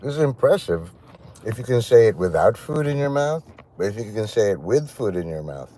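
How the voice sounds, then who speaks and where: A man's voice: fairly low pitch, fairly quick. A man chatting casually and joking as he rambles through a livestream. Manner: rambling, joking, lively intonation. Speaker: livestream host.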